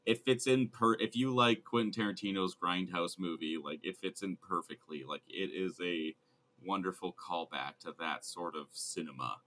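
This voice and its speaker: Bright-voiced man chatting about movies. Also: sits low, normal speed, a little hiss or hum. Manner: laughs often, loose and jokey. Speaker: podcast co-host. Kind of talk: casual movie podcast chat.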